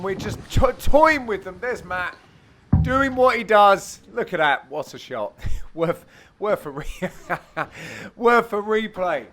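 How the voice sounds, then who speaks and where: A young man, the host, giving cheeky, self-mocking voice-over commentary on highlights of his own amateur match. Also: pushed and bright, a little hiss or hum. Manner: cheeky, self-mocking banter with frequent laughs.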